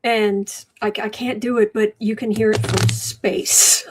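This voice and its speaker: A woman hosting a casual livestream at her desk, reading viewer comments aloud and often dropping into soft asides. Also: mid-range voice, level tone, background noise. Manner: slow, drops to soft asides and whispers. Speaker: livestream host reading chat. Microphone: desk microphone.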